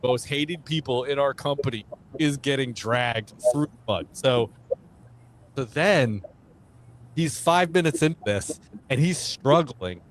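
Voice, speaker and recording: A man with an ordinary, mid-range voice tells a rowdy story in a casual online chat. He swears freely and gets animated at the punchlines. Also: mid-range voice, a little slow, slight background noise. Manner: animated anecdotes, coarse language, laughs at own stories. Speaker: veteran guest.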